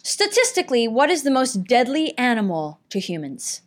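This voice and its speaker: A woman hosting a comedy talk show, firing off quiz questions with deadpan, mock-insulting jabs at her guest. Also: a little high, moderate pace. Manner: dry, mock-insulting quizmaster.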